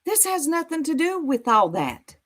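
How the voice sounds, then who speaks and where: A woman's voice: sits high, big pitch swings, moderate pace, a bit bright. A woman hosting reaction commentary, mocking a clip and talking straight to her viewers with sass. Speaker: YouTube commentary host.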